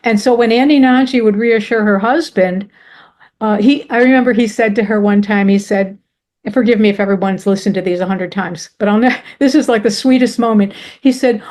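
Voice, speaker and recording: A woman's voice: mid-range voice, fairly quick, a little mellow. A woman telling a personal story with earnest emotion, often restarting her sentences. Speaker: presenter.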